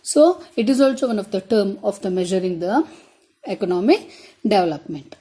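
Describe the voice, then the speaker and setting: A woman's voice: mid-range voice, expressive, normal speed, mellow, husky. A woman teacher, whose first language is Tamil, giving a classroom lecture. She repeats her key points and speaks straight to her students.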